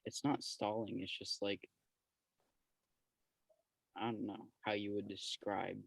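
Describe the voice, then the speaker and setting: A male student chatting casually in class, quiet and joking drily. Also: on the low side, flat delivery, slow, vocal fry, rough recording.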